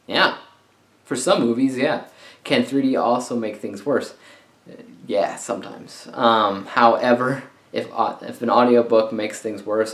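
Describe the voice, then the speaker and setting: A man giving a casual, conversational book review on his channel, talking freely with frequent filler sounds. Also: medium pitch. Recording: roomy echo.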